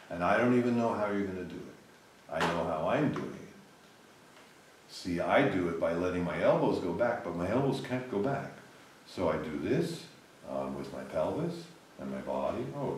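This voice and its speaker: A male piano professor coaching a class, his voice leaping from loud exclaims to soft talk-through. He is picked up from across a very echoey room with a faint hum behind. Lively pitch, medium height. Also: recorded from a distance. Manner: animated, loud bursts of encouragement then soft guiding. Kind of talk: hands-on teaching in a class.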